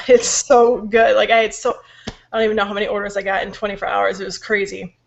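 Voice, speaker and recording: A woman's voice: medium pitch, flat delivery, fast, gravelly. A young woman with a sore throat, venting in casual chat; tired and frustrated, she swears when she gets angry. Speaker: podcast co-host venting. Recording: dull lo-fi recording.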